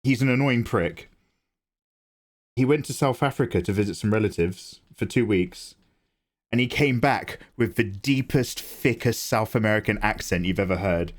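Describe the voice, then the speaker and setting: A man's voice: fairly low pitch, lively intonation, moderate pace. A man, chatting casually to viewers during a livestream and rambling through his answers. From England. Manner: rambling, chatty, reads chat aloud and answers with laughs. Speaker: livestreaming artist.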